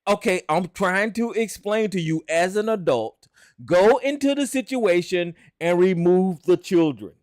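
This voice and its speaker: A man's voice: sits high, a little slow, dry recording, clean studio sound. A man hosting a heated call-in argument, profane and insistent, repeating himself again and again.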